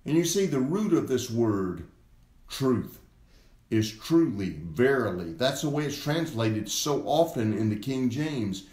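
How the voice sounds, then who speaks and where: A male pastor delivers a sermon at an unhurried, deliberate pace, leaning hard on repeated words. His voice sits at an ordinary middle pitch. The recording carries a noticeable roomy echo. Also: very animated, darkish tone. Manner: slow and emphatic, repeating key words. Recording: echoey room.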